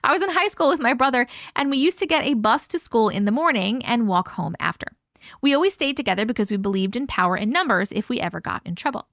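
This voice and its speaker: A woman's voice: fairly high pitch, lively intonation, fairly bright tone, dry recording, studio quality. Chatty woman host reading stories. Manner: chatty, reads aloud with quick asides. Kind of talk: casual live-stream story reading.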